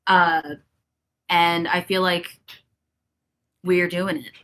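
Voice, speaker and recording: A woman's voice: lowish voice, level tone, very slow, bright, forceful tone, a little hiss or hum. A woman who is a metal vocalist, speaking as a podcast guest, agreeable and casually profane. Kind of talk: casual interview chat.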